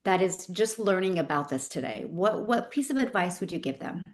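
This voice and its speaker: A woman's voice: lowish voice, lively intonation, normal speed. Enthusiastic woman hosting a live call. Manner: enthusiastic, encouraging. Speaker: host of an online training.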